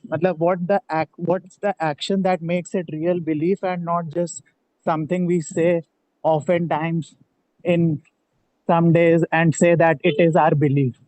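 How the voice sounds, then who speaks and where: A man's voice: fairly high pitch, warm tone, dry recording, poor audio. A man with a South Asian accent asking a question on a video call, hesitant and searching for words. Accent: South Asian English. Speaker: group member asking a question.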